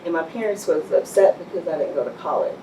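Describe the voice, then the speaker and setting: Middle-aged woman, deep voice, lively storyteller; roomy distant sound with faint hum behind. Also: fast talker. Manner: animated storyteller, laughs often, acts out quotes. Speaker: business owner guest. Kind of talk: storytelling interview. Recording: echoey room, mic far off.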